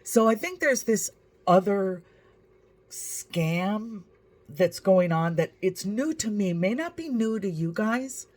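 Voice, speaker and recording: A woman's voice: medium pitch, animated, slow, a little mellow. A woman vlogger telling a story to camera in a dry, wry, matter-of-fact way.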